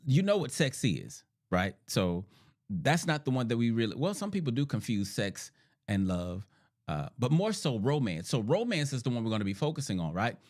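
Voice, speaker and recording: A middle-aged man talks listeners through his ideas like a teacher, his pitch swinging up and down with animation. He repeats his key points and checks in with "right?" and "okay?". He sounds a little sick, clearing his throat now and then. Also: sing-song, normal speed, darkish tone. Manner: repetitive, emphatic, rhetorical "right?" checks. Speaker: therapist hosting a podcast. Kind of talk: teaching monologue.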